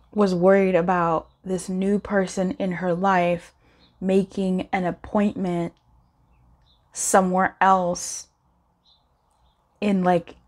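A woman giving a casual pick-a-card tarot reading, chatty and encouraging, laughing often and rising in pitch when animated. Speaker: tarot reader.

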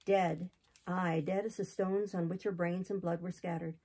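A woman's voice: lowish voice, fairly even intonation, moderate pace, warm tone, breathy edge, rough recording. Woman reading as a gossipy old innkeeper. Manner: chatty, rambling storytelling. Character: gossipy older male innkeeper, talkative and solemn. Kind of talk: audiobook reading of a classic novel.

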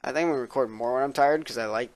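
Late at night, a young vlogger at his computer indoors rambles to his webcam in rapid-fire, tired and sarcastic, swearing plenty. His voice is of ordinary pitch, and the sound is dry and close with no room echo.

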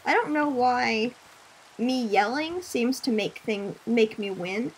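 A young woman streaming a game, chatting casually, reading chat aloud, laughing often and breaking into loud screams at enemies. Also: fairly high pitch, animated, takes it slowly. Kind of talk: casual gaming commentary.

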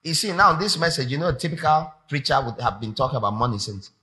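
A man preaching a sermon, animated and emphatic, repeating phrases for effect. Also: mid-range voice, fast.

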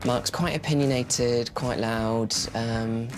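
A man's voice: medium pitch, fairly even intonation, music in the background. A man at a dinner party, speaking hesitantly with restarts. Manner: hesitant, halting. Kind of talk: casual chat and interview asides.

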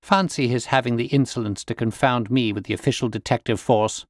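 A man's voice: medium pitch, steady tone, fairly quick, no echo, clean studio sound, lightly acted. A man doing an unflappable, dryly witty detective. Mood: cool. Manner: cool, bland, dryly amused.

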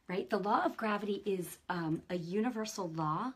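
A middle-aged woman hosting a faith show, telling a personal testimony in an animated, conversational way and acting out the dialogue. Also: mid-range voice, normal speed, hardly any pauses, breathy edge. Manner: animated storytelling, acts out dialogue; conversational, many fillers. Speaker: host.

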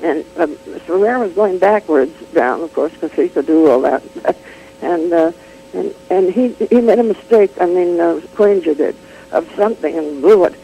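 An older woman chatting as an interview guest, telling an animated anecdote full of restarts, laughs and acted-out quotes. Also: lowish voice, normal speed, vocal fry, a little hiss or hum, poor audio. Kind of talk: casual chat, telling an anecdote.

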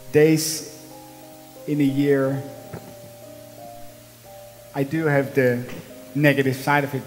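A man's voice: on the high side, in a large hall, low-quality recording. Dutch man giving an earnest talk. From Netherlands. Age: 30s. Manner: earnest, emphatic, storytelling with small slips in English. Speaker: conference speaker. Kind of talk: motivational talk. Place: conference hall.

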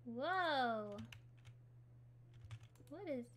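A woman's voice: sits high, expressive, very slow, a bit bright. A woman hosting a casual gaming livestream, chatty and giggly, answering her chat while she builds. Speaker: livestream host.

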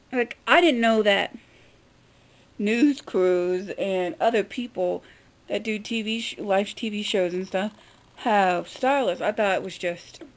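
A woman vlogging to her viewers in a casual, rambling way, blunt and quick to swear. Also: medium pitch. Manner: chatty, addresses viewers directly. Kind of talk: casual chat to camera.

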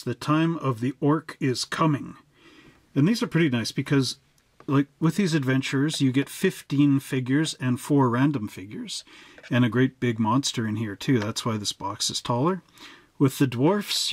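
A man at a middle pitch talks through model kits in a loose, rambling way, dropping the odd joke as he goes. His voice is recorded dry and close, with no room sound. He sounds like a hobby host chatting to his viewers. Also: dry recording. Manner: chatty and digressive, with joking asides. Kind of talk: casual hobby explainer, showing model kits.

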